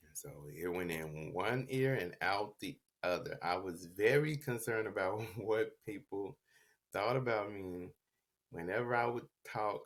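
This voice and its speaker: A man with a very low, gravelly voice tells his own story slowly and unhurriedly. He stutters, repeating and restarting words, in a reflective, confessional podcast tone. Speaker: podcast host telling his life story. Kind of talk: personal storytelling.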